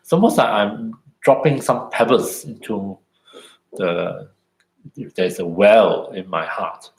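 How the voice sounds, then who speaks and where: A man giving an unhurried, reflective dharma talk as a meditation teacher, often ending thoughts with "isn't it" or "no", then leading a guided meditation. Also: sits low, echoey room, rough recording.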